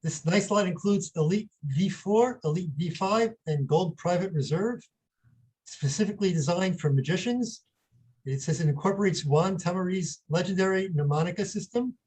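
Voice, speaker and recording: A man's voice: sits high, normal speed, a little mellow, breathy edge, rough recording. A man on a panel reading lot descriptions aloud in a plain, matter-of-fact way.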